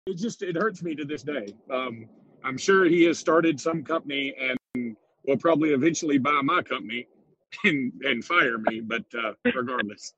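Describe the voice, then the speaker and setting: A man's voice: on the high side, moderate pace, pushed and bright, breathy edge, no room sound, highs cut off. A man co-hosting a podcast in casual chat, self-deprecating and laughing often. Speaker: podcast co-host.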